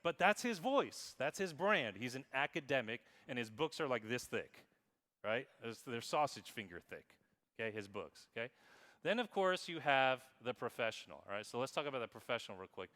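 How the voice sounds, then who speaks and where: Man, conference keynote speaker, bright tone, playful, long hall reverb. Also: mid-range voice, big pitch swings, normal speed. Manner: playful, reads examples aloud in an exaggerated voice. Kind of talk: conference talk on marketing.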